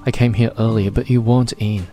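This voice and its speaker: A man's voice: lowish voice, fairly even intonation, fairly quick, mellow, faint music behind, natural voice. A man voicing a distraught little round man who gasps and pleads. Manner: gasping, pleading.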